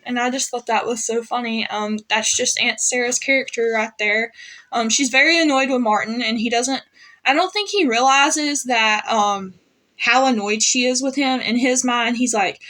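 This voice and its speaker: A woman's voice: on the high side, normal speed, a bit bright. A woman casually recapping a TV episode as a fan reviewer, chatty and full of fillers as she paraphrases the characters' lines.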